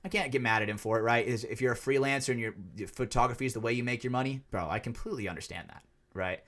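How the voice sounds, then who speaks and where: A man co-hosting a podcast, telling a long story in a casual, animated way with lots of swearing. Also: mid-range voice. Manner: animated, profane, acts out quotes. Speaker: podcast co-host.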